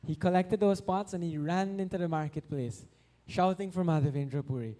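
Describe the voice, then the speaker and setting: A man's voice: high voice, fairly quick, mellow. A man telling a devotional story in a sermon, acting out the voices of the people in it and now and then singing verses. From Guyana. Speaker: devotional speaker. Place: temple hall.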